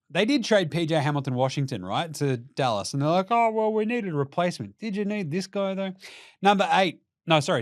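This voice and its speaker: An Australian man hosting a basketball show, ranting in an excitable, profane, comedic way and laughing between jokes. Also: on the high side, dry recording, clean studio sound. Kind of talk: comedic sports rant.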